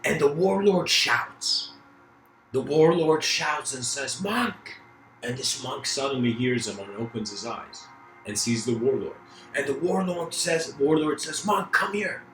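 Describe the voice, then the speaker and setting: A man's voice: mid-range voice, a little slow, fairly bright tone, roomy sound, soft background music, poor audio. A man giving a casual philosophical lecture, telling a story loosely with many fillers.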